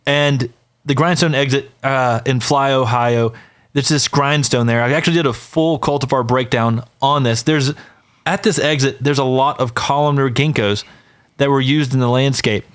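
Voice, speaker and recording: A man's voice: mid-range voice, steady tone, moderate pace, clean tone. A man co-hosting a podcast, talking casually and with enthusiasm, who says "y'all" to listeners. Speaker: podcast co-host.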